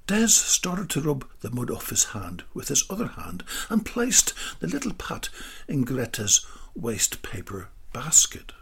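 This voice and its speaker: A man narrating a story slowly, dropping into whispered asides. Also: medium pitch, creaky, fairly bright tone, husky. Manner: slow, drawn-out delivery with whispered asides.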